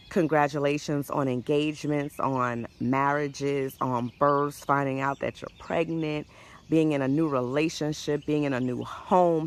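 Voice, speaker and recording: A woman speaks as a life coach in a faith-based motivational talk, her voice gravelly with vocal fry. She talks warmly and conversationally, often stopping to restart a sentence. Faint outdoor sounds with birdsong sit behind her. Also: sits low, a little hiss or hum. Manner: warm conversational encouragement with frequent restarts.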